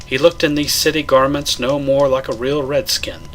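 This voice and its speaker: A man doing a measured, dramatic audiobook-style reading of a horror tale. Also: medium pitch, level tone, a bit bright, slight background noise. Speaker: narrator.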